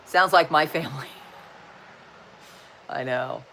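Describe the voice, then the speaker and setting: A woman's voice: extremely low pitch, slow, vocal fry, bright, forceful tone, slight background noise. A woman in her sixties hosting a casual livestream chat, chatty and folksy, telling corny jokes with an upbeat manner. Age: 60s. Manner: chatty and folksy, often saying "just saying". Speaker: livestream host.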